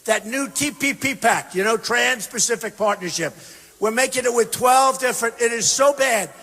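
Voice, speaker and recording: A man giving a campaign rally speech, emphatic and repetitive, swinging between shouted bursts and quiet asides. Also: very high voice, normal speed, vocal fry, breathy edge. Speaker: political candidate speaking at a rally. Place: large university venue. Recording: long reverb from a big hall.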